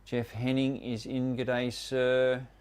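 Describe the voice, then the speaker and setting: A man's voice: mid-range voice, level tone, takes it slowly, a little mellow, clean tone. An Australian man hosting a live stream, chattily welcoming viewers one by one by name. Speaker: host of a live prospecting show.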